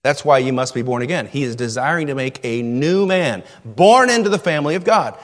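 Animated male preacher in a reverberant hall. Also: mid-range voice, a little fast. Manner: animated preaching, repeats key phrases for emphasis. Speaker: pastor. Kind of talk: sermon. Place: church sanctuary. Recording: long reverb of a church hall.

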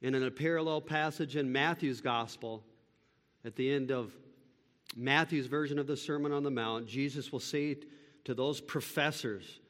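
A man preaching a sermon, building from steady teaching to loud, impassioned pleading. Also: medium pitch, normal speed, big-room sound. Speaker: pastor.

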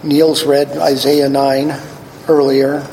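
Slow gravelly preacher in a reverberant hall. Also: male voice, medium pitch, little pitch movement, noisy background. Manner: slow, deliberate scripture reading with rising emphasis. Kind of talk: sermon reading scripture. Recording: long hall reverb, faint ambience.

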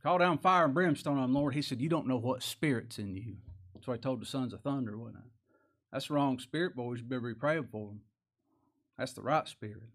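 A man's voice: mid-range voice, fairly quick, a bit bright. A man preaching a sermon in a folksy, conversational way, asking rhetorical questions and chuckling as he goes. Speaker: pastor.

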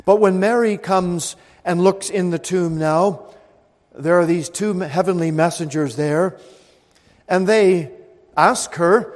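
High-voiced slow preacher in a reverberant hall. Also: male voice. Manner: rises to loud emphatic peaks, drops to hushed low tones. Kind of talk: sermon.

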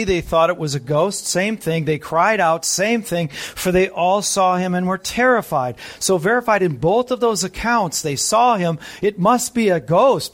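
A man giving a Bible sermon in a fairly high-pitched voice. He bursts into excited emphasis, then drops to a hushed, soft tone, and reads scripture aloud between questions to his listeners. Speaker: preacher.

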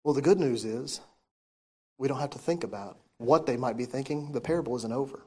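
A preacher delivering a sermon, reading old-style scripture verses aloud and then explaining them with questions to the listeners, moving between loud emphasis and hushed, soft passages. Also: medium pitch, brisk, husky.

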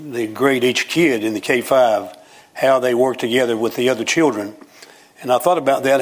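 Folksy older man preaching a sermon. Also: medium pitch. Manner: folksy, joking storytelling with rising emphatic lines.

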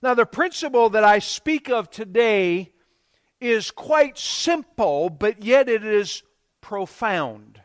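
A male pastor with a strikingly high voice, delivering a sermon. He draws the congregation into call-and-response and swells into emphatic, forceful phrases. The sound is dry and close, with no room echo. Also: sing-song, slow. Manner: preaching with call-and-response, rising to emphatic bursts.

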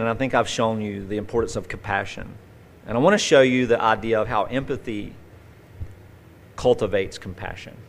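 Guy pastor giving a chatty sermon, middle voice, folksy storyteller. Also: medium pitch. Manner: folksy storytelling with vivid acted-out asides. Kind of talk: conversational sermon.

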